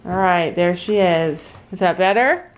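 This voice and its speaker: A woman's voice: lowish voice, measured pace. A middle-aged Canadian woman chatting casually in a family vlog, explaining things in a motherly way. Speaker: vlogger mom.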